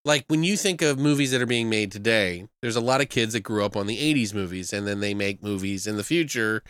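A man's voice: fairly low pitch, a little fast, fairly bright tone, smooth, no echo. Rambling man, dry close sound. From United States. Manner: rambling, frequent fillers and swearing. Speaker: podcast host reviewing films. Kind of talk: casual chat.

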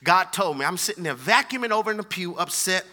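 A man's voice: sits high, expressive, fast, sharp tone. A young adult male pastor preaching a sermon with impassioned, rhythmic repetition, stepping into God's words as he speaks.

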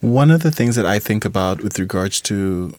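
Low-voiced man from Trinidad, musing. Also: expressive, moderate pace, darkish tone, dry recording. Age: young adult. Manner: thoughtful, restarts phrases, many "like" fillers. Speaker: alumnus guest. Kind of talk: reflective roundtable conversation.

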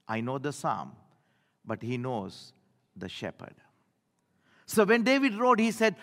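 An older man preaching a sermon in a church, telling stories and swinging from loud declarations to hushed lines. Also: medium pitch, huge pitch swings, measured pace, long pauses, big-room sound. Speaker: pastor.

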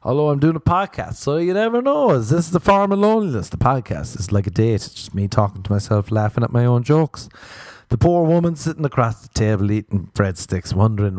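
A man's voice: mid-range voice, lively intonation, a little fast, a little mellow, no echo, studio quality. A young man hosting a solo podcast, rambling through stories in a self-mocking way and swearing casually. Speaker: podcast host. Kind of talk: rambling comedic monologue.

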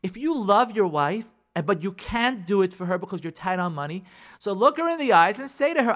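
A man's voice: high-pitched, big pitch swings, brisk, fairly bright tone. Emphatic man giving marriage advice. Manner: emphatic, acts out spouses' lines, uses Hebrew and Yiddish words. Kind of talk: radio advice talk.

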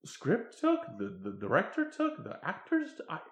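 A man's voice: high voice, huge pitch swings, moderate pace. Casual man retelling a film plot. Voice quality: profane, laughing, restarts. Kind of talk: casual film recap chat. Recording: echoey room.

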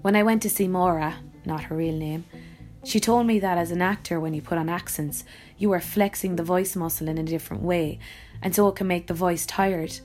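Irish woman, actor and voice-over artist, slightly low voice; reflective, wry first-person blog reading over faint music. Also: steady tone, a little fast, darkish tone. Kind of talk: reading her own blog post aloud.

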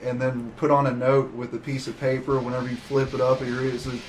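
A young man co-hosting a podcast, talking in a relaxed and thoughtful way with frequent restarts. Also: medium pitch, a little fast, hardly any pauses, slight background noise. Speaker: podcast co-host. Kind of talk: casual chat.

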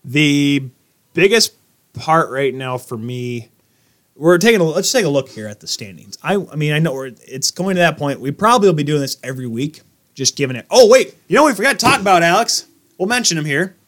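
Male podcast co-host, lively pitch, bursts into loud shouts, casual banter. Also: fairly quick. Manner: excitable, breaks into shouts and laughs. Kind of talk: casual chat.

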